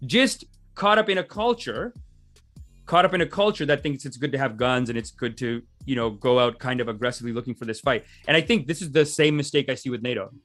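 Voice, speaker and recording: A man's voice: medium pitch, brisk, fairly bright tone, faint music behind. A man hosting a livestream, giving casual, rambling commentary and laughing often. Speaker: livestream host.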